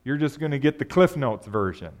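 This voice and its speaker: A pastor preaching a sermon in a conversational way, often asking the congregation rhetorical questions. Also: male voice, medium pitch, animated, brisk.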